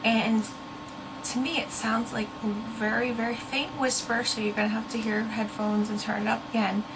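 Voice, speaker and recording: Young woman chatting away to her viewers, kinda high voice, a/c humming behind her. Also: little pitch movement, moderate pace, noisy background. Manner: chatty, earnest, searches for words. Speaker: ghost-hunting vlogger. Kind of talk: casual talk to camera.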